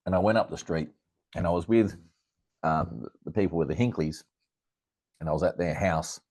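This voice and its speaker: A middle-aged Australian man with a low, deep voice recounts a childhood story as an interview guest. He talks in a lively, anecdotal way, chuckling and circling back with fillers and restarts. The recording is dry and close, with no room sound. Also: moderate pace, dry recording. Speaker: astrologer guest.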